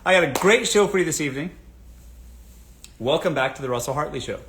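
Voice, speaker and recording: A man's voice: a little high, expressive, quick pace, a bit bright. A man hosting a casual advice livestream, speaking emphatically and repeating his catchphrases. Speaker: show host. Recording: roomy echo.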